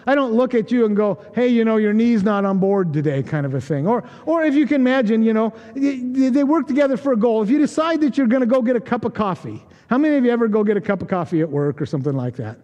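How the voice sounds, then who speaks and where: An American man preaches in a church sanctuary, joking conversationally and performing the voices of those he quotes. His voice is very high and warm, the recording has its highs cut off, and long church-hall reverb trails each word.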